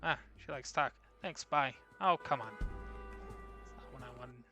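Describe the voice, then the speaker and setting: A man's voice: mid-range voice, unhurried, pushed and bright, faint music behind. A man casually commenting on a game he is playing, with wry muttered asides. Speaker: gaming channel host. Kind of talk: casual let's play commentary.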